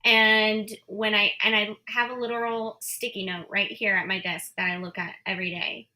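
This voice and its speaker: A woman's voice: mid-range voice, flat delivery, moderate pace, sharp tone. A woman guest on a business interview, talking in a chatty, playful, upbeat way. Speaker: guest, membership business owner. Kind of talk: casual interview talk.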